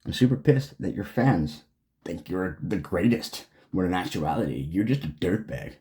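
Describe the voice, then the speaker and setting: A man's voice: low voice, animated, moderate pace, dark tone. A man delivering an angry, profane, sarcastic rant straight to the camera. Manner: swearing, heated, sarcastic. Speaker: vlogger.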